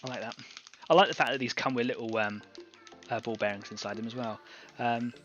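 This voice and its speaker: A man's voice: medium pitch, fairly even intonation, brisk, a bit bright, dull audio, soft background music. A man hosting an online painting club, chatting casually and thinking aloud as he demonstrates airbrush painting. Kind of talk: casual live-stream painting demo.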